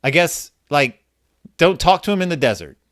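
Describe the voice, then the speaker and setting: Very animated and a little high in pitch, this middle-aged man speaks at a moderate pace with a slightly bright tone. Hosting a podcast, he reads a children's book out loud, mixing in mumbled asides and dry, self-mocking remarks.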